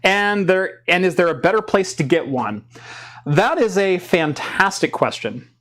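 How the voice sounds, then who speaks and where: A man's voice: high-pitched, animated, unhurried, fairly bright tone. A man hosting a casual tech livestream, chatty and rambling as he reads viewer questions and answers them. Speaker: podcast host.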